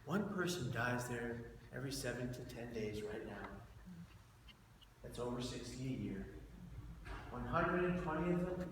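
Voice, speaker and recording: A man giving a personal talk to an audience and acting out the people in his story with sudden jumps in voice. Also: background noise. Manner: animated storyteller, acts out quotes with big jumps in loudness and pitch. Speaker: keynote speaker. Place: large event hall with an audience. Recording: far from the mic in a very echoey hall.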